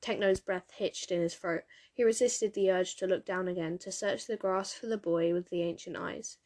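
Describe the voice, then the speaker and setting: A woman narrating a dramatic story in a steady, measured reading. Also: lowish voice. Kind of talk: audiobook reading of fan fiction.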